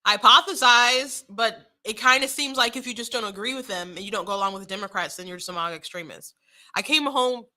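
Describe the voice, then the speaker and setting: A woman's voice: mid-range voice, sharp tone. A young woman giving casual political commentary, chatty, often laughing and restarting her sentences.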